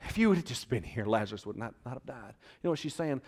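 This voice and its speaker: A male pastor preaching a sermon, retelling a scripture story dramatically and questioning the congregation, moving between loud bursts and hushed moments. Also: mid-range voice, animated, quick pace, few pauses. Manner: conversational, asks the crowd questions.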